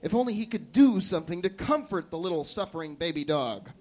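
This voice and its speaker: A man voicing a naive, panicky male pet lover in a live comic story reading, pleading and then shouting in alarm. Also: high-pitched, lively intonation, brisk, voice pushed down. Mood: earnest.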